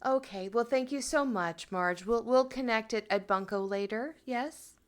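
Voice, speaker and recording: A woman's voice: a little high, a little slow, natural voice. A woman voicing a sugary, scheming lady who offers brownies as a bribe, in improvised tabletop role-play, talking in an overly sweet and hesitant way.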